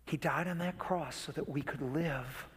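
Earnest pastor preaching in echoey hall. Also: male voice, fairly high pitch, measured pace, slightly rough. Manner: earnest, emphatic preaching with storytelling. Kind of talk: sermon.

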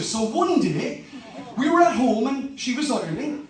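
A man's voice: extremely high pitch, unhurried, heavy reverb, distant mic, rough recording. An Irish man in his fifties, a pastor preaching a humorous, storytelling sermon. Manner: animated, humorous, conversational.

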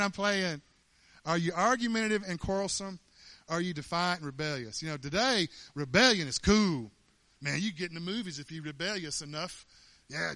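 Preacher guy, bright ringing voice, folksy, fires off questions, dry close sound. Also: high-pitched, dry recording. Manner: folksy, rhetorical questions, repeats words, laughs. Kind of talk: sermon.

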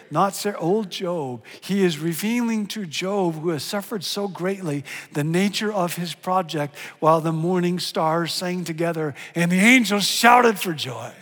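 A middle-aged man preaching a sermon as a pastor, animated and swinging from hushed to loud and emphatic. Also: fairly high pitch. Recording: long hall reverb.

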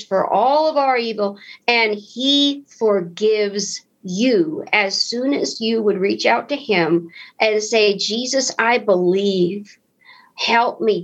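A woman from the United States giving an earnest, emotional faith testimony as a podcast guest, with restarts and slow emphasis. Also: mid-range voice, breathy edge, highs cut off. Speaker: guest speaker.

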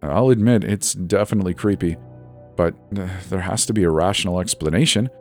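A man doing a calm, teasing young husband. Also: low-pitched, brisk, soft background music. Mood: reassuring.

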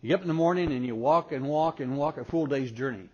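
A man's voice: a little high, quick pace. A man preaching to a conference audience, telling funny stories and acting out the voices of the people in them. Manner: animated storyteller who acts out voices. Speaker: speaker at a parenting conference. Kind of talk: humorous preaching with storytelling. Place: conference hall before an audience. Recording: dull lo-fi recording with faint noise.

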